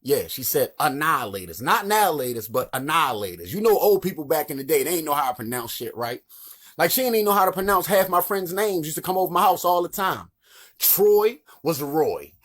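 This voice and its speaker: A man with a Baltimore accent spins comic stories in a loose, profane monologue. His voice sits a little high and jumps all over the place as he talks. He keeps the delivery animated from start to finish. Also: a little fast. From Baltimore, Maryland. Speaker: comedian. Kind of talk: comedic storytelling monologue.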